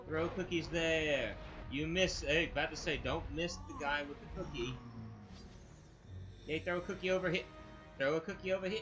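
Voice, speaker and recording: Excitable stammering gamer man. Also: a little high, moderate pace. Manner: excitable, stammering, bursts of frustrated yelling. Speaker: gaming channel host. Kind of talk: let's play commentary. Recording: dull lo-fi sound with game music. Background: game music.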